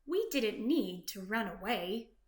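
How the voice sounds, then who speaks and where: A woman's voice: mid-range voice, animated, takes it slowly, darkish tone, roomy sound. Woman doing a curious farm horse. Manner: wondering, questioning.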